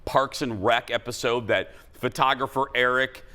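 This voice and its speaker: A man's voice: mid-range voice, fairly even intonation, moderate pace, bright, forceful tone, clean tone. A man hosting a talk show in a studio, chatty and joking, rambling with fillers. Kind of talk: casual studio chat. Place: TV studio with audience.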